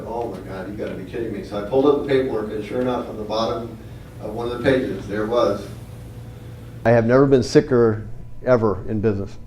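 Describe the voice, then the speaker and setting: A middle-aged man talks to a room of listeners, warm and mellow in tone with a slight cold in his voice. He tells his story plainly and earnestly. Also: medium pitch. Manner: conversational, earnest, direct storyteller. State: has a cold. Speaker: real estate investor giving a talk. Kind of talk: storytelling talk to a live audience.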